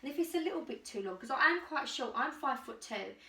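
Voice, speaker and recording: English woman, bit high and bright, rambly and breathless, trying stuff on at home. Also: lively intonation, quick pace. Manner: rambling, self-deprecating, talks while changing clothes. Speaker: YouTuber doing a clothing try-on haul. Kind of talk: chatty rambling vlog. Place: home, indoors.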